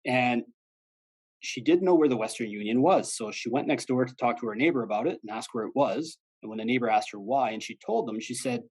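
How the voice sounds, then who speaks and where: A man's voice: mid-range voice, fairly quick, a little mellow, slightly rough, rough recording. A man and former police officer giving an informal, plain-spoken presentation on avoiding scams, acting out the callers he quotes.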